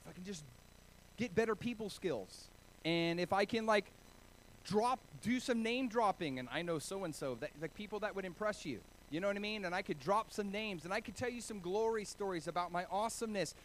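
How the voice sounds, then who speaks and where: A man from Oregon preaching a sermon, telling stories with animated, self-deprecating humor. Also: high voice, fairly quick, slight background noise, poor audio. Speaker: pastor.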